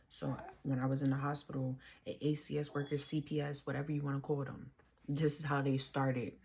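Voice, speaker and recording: A woman's voice: sits low, creaky, darkish tone, slight background noise. A woman in her twenties from the Bronx with a New York accent, telling her own story to camera in casual slangy talk. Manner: casual slangy talk, quoting others in voices, rising when heated.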